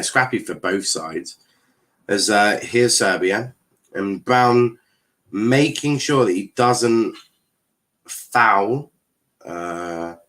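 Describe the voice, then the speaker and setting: A man hosting a live football watchalong, giving casual commentary on the match and answering chat with blunt, sweary reactions. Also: fairly low pitch. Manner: animated, sweary, reacts to play and chat messages. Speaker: watchalong streamer host.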